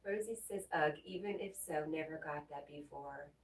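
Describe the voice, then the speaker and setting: A woman hosting a livestream, reading viewers' messages aloud and answering them in a gentle, comforting way. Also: deep voice, normal speed. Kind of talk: casual livestream chat. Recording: roomy echo, mic at a distance.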